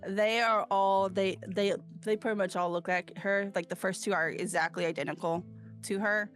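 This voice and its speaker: A woman in casual chat, telling stories haltingly with many fillers. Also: medium pitch, steady tone, faint music behind.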